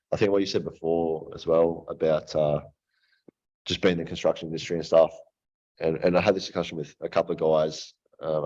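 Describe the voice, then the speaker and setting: A man's voice: very deep voice, dark tone. A man hosting a roundtable, thinking aloud in a reflective, rambling way with many restarts. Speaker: host of a men's roundtable. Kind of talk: casual roundtable chat. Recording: dull lo-fi recording.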